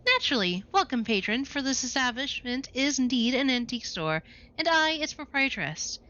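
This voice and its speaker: A woman's voice: high voice, sing-song, moderate pace, sharp tone, lo-fi sound, voice pushed up, heavily acted. A woman voicing a long-winded female antique store owner who speaks in a stiff, old-fashioned formal way. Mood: prim. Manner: stiff, archaic, overly formal.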